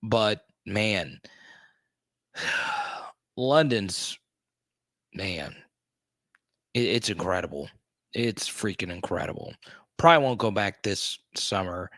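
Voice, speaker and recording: Guy hosting a chill livestream, bright punchy voice, dry close sound, gets loud greeting chat. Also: low voice, no echo. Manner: excitable, greets chatters loudly, many restarts. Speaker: host.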